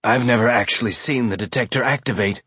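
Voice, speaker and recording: A man voicing a hardened male ex-cop who speaks slowly and bluntly. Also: medium pitch, fairly bright tone, husky, no echo. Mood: gruff.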